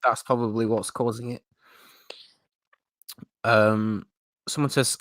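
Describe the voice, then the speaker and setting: A man's voice: medium pitch, little pitch movement, slow, vocal fry, long pauses, a bit bright, no room sound, clean studio sound. A man hosting a live stream chat, talking in a chatty, self-mocking way and laughing often. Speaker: host.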